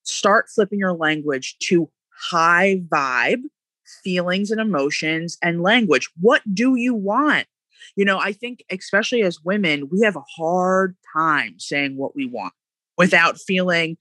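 A woman talks mindset in a lively, emphatic way, slipping into quick acted-out voices as she makes her points. Her voice is bright and forward. The sound is close and dry, with no room around it. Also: lowish voice, dry recording. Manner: animated, emphatic, acts out quoted voices. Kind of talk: casual motivational chat.

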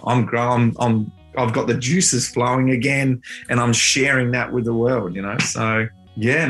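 A middle-aged man with an Australian accent tells a personal story in a heartfelt, reflective way. His voice sits at an ordinary middle pitch. Quiet guitar music plays underneath him. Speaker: father and guitar teacher.

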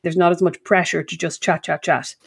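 An Irish woman in her thirties co-hosting a relaxed podcast chat. She tells anecdotes animatedly, slipping into quoted voices along the way. Her tone stays conversational and easy. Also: lowish voice, brisk, vocal fry, breathy edge. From Ireland. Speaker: podcast co-host. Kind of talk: casual chat.

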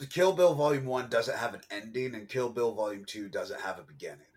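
A man co-hosting a casual podcast chat about films, animated and given to loud, high exclamations. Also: a little fast. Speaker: podcast co-host.

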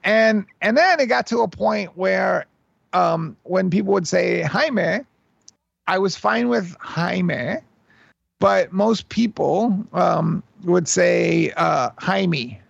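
A man in his fifties from New York City, telling stories as a guest in a casual interview, animated and restarting his sentences with repeated words. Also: sits high, slow, creaky, no echo. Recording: dull lo-fi recording.

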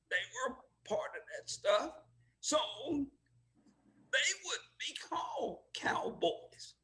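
Older man, animated high voice, emotional, laughs while talking, slow pace. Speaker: guest. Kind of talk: oral history storytelling.

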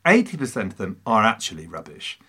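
Animated man, lively pitch. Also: brisk, breathy edge. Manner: animated, teasing, theatrical emphasis. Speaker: podcast host and stand-up comedian. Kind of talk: casual film discussion.

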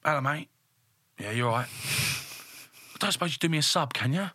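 A man voicing a broke young male worker who wheedles his boss for money, in a higher, whinier tone. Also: expressive, moderate pace, sharp tone, no room sound. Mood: wheedling.

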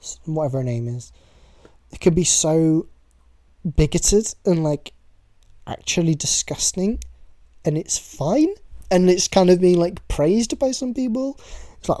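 Young British host, casual solo podcast, warm tone, chatty and sweary. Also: medium pitch, expressive, measured pace, pauses often, no room sound. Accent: British English. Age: young adult.

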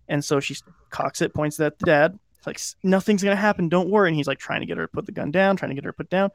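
A podcast co-host, a man with a fairly high, gravelly voice, talks very fast with no room sound. He rambles through a casual chat retelling a film plot, full of "like" and restarts, acting out the quoted lines.

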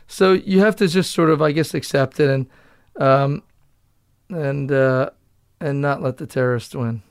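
A man's voice: medium pitch, measured pace, clean tone, dry recording, clean studio sound. A man with a Boston accent, an actor guest talking candidly and loosely in a casual interview, swearing and laughing easily.

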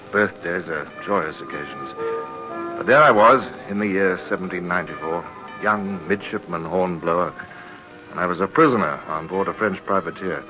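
A man's voice: low-pitched, natural voice. An actor playing an earnest, self-blaming young English midshipman who narrates and gives clipped commands in a 1950s radio drama. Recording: dull lo-fi old radio recording with faint noise.

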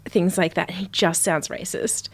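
A woman's voice: fairly low pitch, fairly even intonation, unhurried, slightly rough. A woman co-hosting a podcast in casual chat, teasing her co-host, swearing freely and laughing often. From Australia.

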